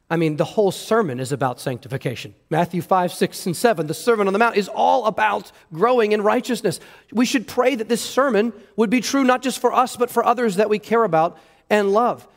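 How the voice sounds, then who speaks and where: A man's voice: sits high, a little fast. A pastor preaching an earnest sermon, emphatic and repeating words as he stresses his points. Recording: long hall reverb.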